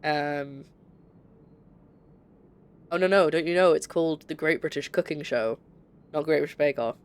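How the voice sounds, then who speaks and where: A woman's voice: deep voice, moderate pace, smooth. Chatty Scottish woman streamer. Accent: light Scottish. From Scotland. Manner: chatty, rambling, reads chat aloud. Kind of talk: casual gameplay commentary.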